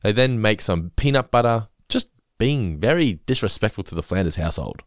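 A man co-hosting a podcast in casual chat. He acts out quotes loudly, animated and swearing a lot. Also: lowish voice, brisk, dry recording, clean studio sound. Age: adult, parent of a young child. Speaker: podcast co-host.

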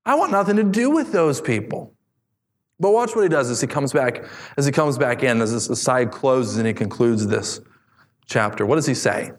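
A man preaching a sermon, animated, reading scripture aloud and acting out voices. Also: medium pitch, moderate pace. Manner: animated preaching, acts out David's voice. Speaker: pastor. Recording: long hall reverb.

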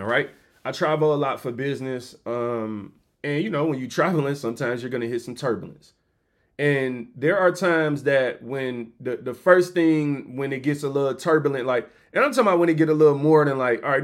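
A man hosting a podcast, telling stories in an animated, joking, slangy way. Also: mid-range voice, fairly quick. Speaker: podcast host. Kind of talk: comedic motivational storytelling.

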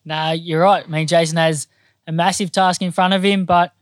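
An Australian boxer answers interview questions with earnest modesty and often restarts his sentences. His voice sits slightly high, and the recording is dry and close. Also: flat delivery, normal speed, no room sound. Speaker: professional boxer. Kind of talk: casual interview chat.

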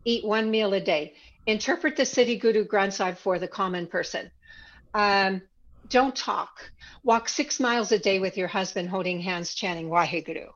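A woman guest telling a personal story in an interview, reflective and growing animated as she recalls past conversations. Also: mid-range voice, moderate pace, dull audio, a little hiss or hum.

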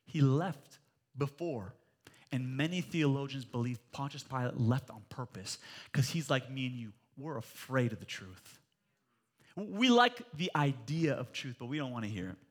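A man in his forties preaching a sermon in church, animated and jokey, rising to loud emphatic peaks. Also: medium pitch, moderate pace. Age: 40s. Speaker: pastor.

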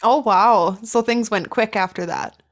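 A woman's voice: mid-range voice, unhurried. A woman hosting a podcast interview, offering empathetic follow-up comments to her guest. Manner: empathetic, affirming follow-ups. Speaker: podcast host. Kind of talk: casual interview.

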